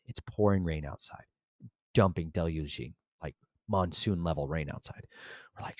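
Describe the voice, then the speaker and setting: A young man with a very low voice rattles off a story at high speed, acting out both sides of a conversation. He turns emphatic and preachy when he talks about scripture. The sound is dry and close. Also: no echo. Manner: fast, animated storytelling with quoted dialogue. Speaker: vlogger and author. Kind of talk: casual storytelling vlog.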